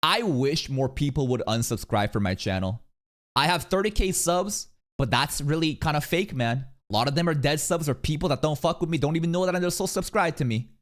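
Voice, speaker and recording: A man commenting casually on a clip as a reaction streamer, profane and blunt, with mocking asides. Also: brisk. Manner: animated, profane, swings into shrill mocking voices.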